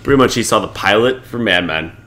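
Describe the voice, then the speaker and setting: Bright-voiced man joking through a recap. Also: fairly low pitch, lively intonation, fast. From Chicago. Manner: joking, laughs often, trails off with fillers. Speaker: podcast co-host. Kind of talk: casual recap chat.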